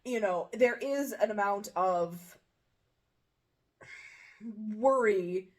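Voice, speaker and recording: A woman co-hosting a podcast, chatting casually, animated and quick to laugh. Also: mid-range voice. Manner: animated, laughs often, thinks out loud. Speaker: podcast co-host. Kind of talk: casual chat.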